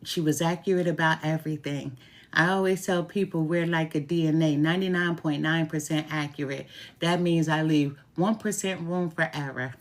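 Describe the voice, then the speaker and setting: Low-voiced, chatty woman tarot reader. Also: fairly even intonation, moderate pace. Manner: chatty, repeats phrases for emphasis; heartfelt, openly grateful. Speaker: tarot reader and root worker. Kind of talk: casual talk to camera.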